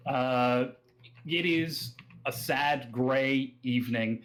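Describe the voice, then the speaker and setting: A man's voice: medium pitch, very slow, fairly bright tone, low-quality recording. Hesitant Australian man narrating a game. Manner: hesitant, many fillers and restarts. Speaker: game master.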